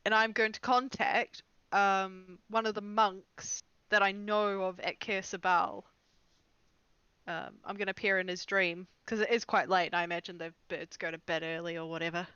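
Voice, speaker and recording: Bright clear woman player, lots of uhs, kinda muffled sound. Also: medium pitch, steady tone, normal speed, dry recording. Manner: casual, hesitant. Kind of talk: tabletop game play.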